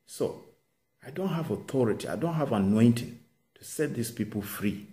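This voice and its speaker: A man's voice: mid-range voice, expressive, moderate pace, dark tone, lightly acted. A man preaching, voicing Moses as a self-doubting man who stammers and protests that he is not fit for the task. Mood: pleading. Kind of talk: sermon with acted quotes.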